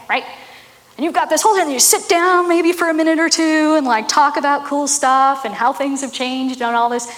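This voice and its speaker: Chatty woman in an echoey room. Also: a little high. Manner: chatty, animated, asks "right?" often. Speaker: marketing speaker. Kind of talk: casual talk to camera.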